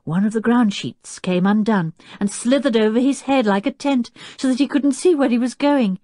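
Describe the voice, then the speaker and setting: A woman narrating a children's audiobook, telling the story clearly and expressively while doing the characters' voices. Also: on the high side, moderate pace, few pauses, dark tone, no echo, studio quality.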